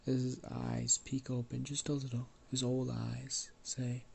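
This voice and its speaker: A man's voice: mid-range voice, monotone, measured pace, creaky, warm tone, a little hiss or hum. A man with a cold telling an improvised story in a loose, rambling way, coughing now and then. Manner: rambling, loose, with fillers and swearing.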